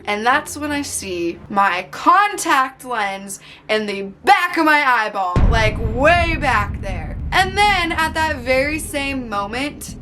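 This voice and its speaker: Bright, excitable young woman vlogger. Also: sits high. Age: young adult. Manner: animated, dramatic storytelling. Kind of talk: story time vlog.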